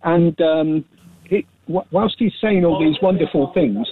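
A man's voice: a little high, measured pace. A man calling in to a radio phone-in who hesitates with fillers but states his opinions firmly. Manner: hesitant with many ums, then firm opinions. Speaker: caller. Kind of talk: phone-in call. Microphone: telephone. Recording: tinny phone line.

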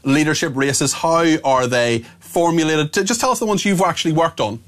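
A man's voice: fairly high pitch, normal speed, a bit bright. A man hosting a talk radio show, reading out listener texts and chatting with a guest in a wry, loose way full of ums and uhs.

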